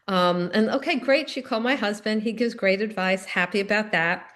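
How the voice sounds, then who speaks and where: A woman's voice: medium pitch, normal speed. A middle-aged woman giving a recovery meeting talk, telling personal stories in an earnest, conversational way.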